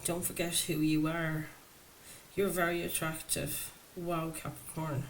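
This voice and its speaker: A woman's voice: deep voice, little pitch movement, unhurried, low-quality recording. A woman doing a chatty, enthusiastic tarot reading, talking to her viewers. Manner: enthusiastic, chatty, laughs often. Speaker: tarot reader. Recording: faint background noise.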